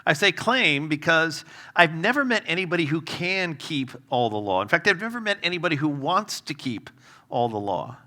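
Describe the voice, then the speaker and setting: A man with a fairly high, sing-song voice preaches at a moderate pace as a guest speaker. His humorous storytelling is conversational and filler-heavy, with wry self-deprecating asides and changing loudness.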